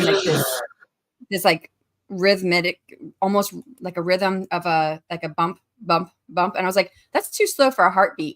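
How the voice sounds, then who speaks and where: On her laid-back writing livestream, a woman in her forties chats, says hello to viewers by name and reads out their messages. Her voice is lowish and a bit bright.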